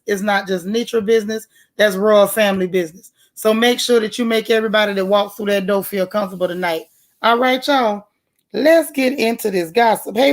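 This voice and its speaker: A woman hosting a live gossip show, chatting casually and greeting viewers one by one in a folksy way. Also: fairly high pitch. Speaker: livestream gossip show host.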